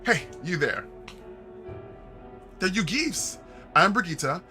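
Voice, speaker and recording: Young male streamer, very bright and somewhat high voice, animated and joking, with soft music behind him. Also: slow. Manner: animated, laughing, reads game dialogue aloud and jokes to chat. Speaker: game streamer. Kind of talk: casual let's-play commentary.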